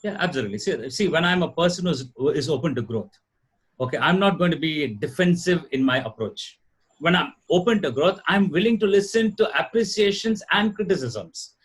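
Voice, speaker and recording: A man's voice: on the high side, expressive, a little fast, breathy edge. A middle-aged man with an Indian English accent, a trainer explaining ideas earnestly and with much repetition before a live audience. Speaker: guest speaker, corporate trainer. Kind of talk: lecture-style talk show answer.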